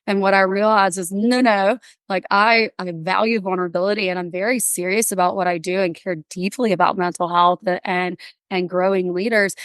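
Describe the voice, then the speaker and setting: A woman guest on a podcast, bubbly and animated, telling stories and acting out little voices in casual interview chat. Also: medium pitch, a little fast, smooth, dry recording, clean studio sound. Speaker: podcast guest, workplace wellbeing speaker.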